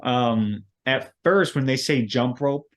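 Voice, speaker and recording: A man's voice: mid-range voice, takes it slowly. A man co-hosting a podcast in casual chat, rambling and hesitant, filling gaps with "like". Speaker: podcast co-host.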